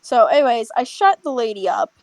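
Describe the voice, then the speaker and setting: Blunt, fast-talking young woman with a higher voice. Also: crowd noise, poor audio. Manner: blunt, profane, animated storytelling. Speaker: restaurant server telling a story. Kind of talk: casual chat with friends.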